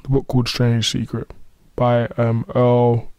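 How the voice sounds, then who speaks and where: Mellow-voiced man hosting a motivational podcast. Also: mid-range voice, monotone, a little slow, clean tone, dry recording. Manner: earnest, conversational, self-deprecating asides. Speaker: podcast host. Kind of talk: solo motivational podcast monologue.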